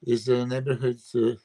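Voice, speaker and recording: His voice is mellow and medium in pitch. Serbian is his first language, and as a bodybuilding coach and guest analyst he shares his opinions emphatically, with frequent fillers, in a relaxed podcast conversation held over video call.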